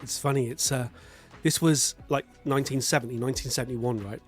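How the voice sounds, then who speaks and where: A man's voice: mid-range voice, fairly even intonation, a little fast, soft background music. A man co-hosting a casual film review podcast, joking dryly and restarting his sentences. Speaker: podcast co-host.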